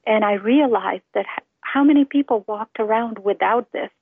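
A woman's voice: on the high side, normal speed, vocal fry, slightly rough, no room sound. A woman giving an earnest, heartfelt personal testimony about her faith. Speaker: testimony speaker. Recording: tinny phone-line sound, dry.

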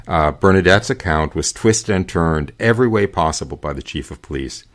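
Deep-voiced man reading with side comments. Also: lively intonation. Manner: digressive, with frequent pauses and fillers. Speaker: radio show host. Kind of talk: reading aloud and commenting on a religious account.

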